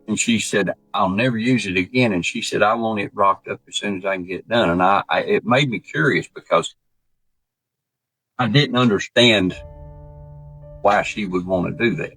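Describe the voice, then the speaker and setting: A man telling a true story in a folksy, animated way, acting out the voices he quotes. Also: on the low side, breathy edge. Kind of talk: casual spoken storytelling.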